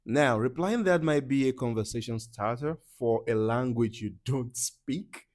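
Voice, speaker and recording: A young man from Nigeria, casually teaching travel phrases to camera in an animated, playful way with loud acted-out reactions. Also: medium pitch, measured pace, no echo, clean studio sound. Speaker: language teacher.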